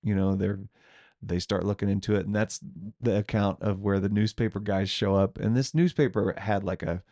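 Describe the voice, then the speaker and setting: A man's voice: fairly low pitch, steady tone, moderate pace, mellow, dry recording, studio quality. A man co-hosting a podcast, telling a ghost story in a loose, rambling way and laughing often. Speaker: podcast co-host.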